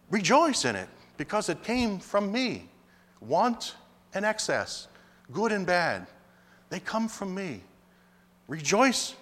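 A man's voice: a little high, bright, forceful tone, long reverb tail. A man preaching a sermon with emphatic delivery, speaking lines in the voices of God and Jonah in turn. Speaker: pastor.

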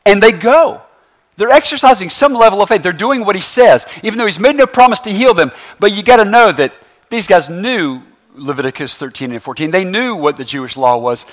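Lively high-voiced pastor preaching. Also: male voice, a little fast. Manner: lively, conversational preaching with constant "right?" asides; casual slangy phrasing. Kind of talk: sermon. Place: church sanctuary with congregation.

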